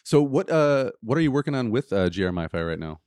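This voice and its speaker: A man hosting a podcast, telling anecdotes in a casual, animated way. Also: medium pitch, fast, no room sound, studio quality. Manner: animated, acts out voices in anecdotes. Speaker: podcast host. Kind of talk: casual storytelling chat.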